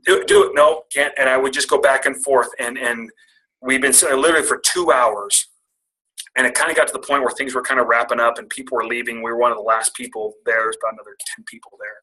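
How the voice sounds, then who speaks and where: A man's voice: mid-range voice, fairly even intonation, fast, bright, forceful tone, rough recording. A middle-aged man speaking as a guest, telling a candid, self-deprecating personal story to make a motivational point. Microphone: call audio.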